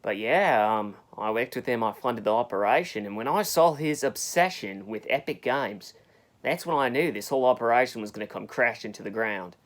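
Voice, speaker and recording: A man's voice: medium pitch, normal speed. A man speaking in an offhand, rambling way as an interviewee in a comedy mockumentary. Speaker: mock documentary interviewee.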